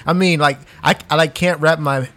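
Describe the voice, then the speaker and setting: Male podcast co-host in his 30s, slightly high voice, relaxed and profane banter. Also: normal speed. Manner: laid-back, says dude a lot, swears casually. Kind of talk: casual chat.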